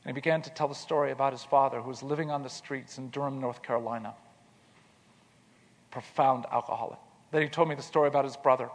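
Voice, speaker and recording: A man telling a personal story in an earnest way, repeating words as he starts and going quiet in tender moments. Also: medium pitch, steady tone, fast talker, in a large hall. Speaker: speaker telling his life story.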